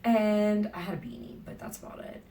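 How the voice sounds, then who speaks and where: A woman vlogging from a hotel room, telling her travel stories in a chatty, animated way, with whispered asides now and then. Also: medium pitch, brisk, recorded from a distance, a little hiss or hum. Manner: chatty, animated, acts out quoted lines, drops into whispered asides. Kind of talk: casual travel vlog storytelling.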